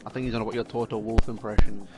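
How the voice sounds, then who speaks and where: A man co-commentates a racing stream with dry, relaxed banter. His voice sits a little low. Music plays clearly in the background. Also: racing. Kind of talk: casual live commentary.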